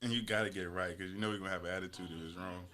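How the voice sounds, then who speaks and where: A man's voice: sits low, fairly even intonation, very fast, bright, forceful tone. A young man co-hosting a podcast, telling jokey stories with a lot of laughter in casual chat. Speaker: podcast co-host.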